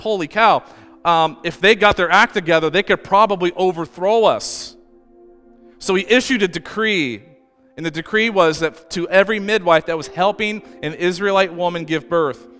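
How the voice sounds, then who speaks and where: A pastor preaches in a church, telling the story conversationally with asides. His fairly high voice sounds fairly bright, clear and resonant, and the reverberant hall carries faint music behind him.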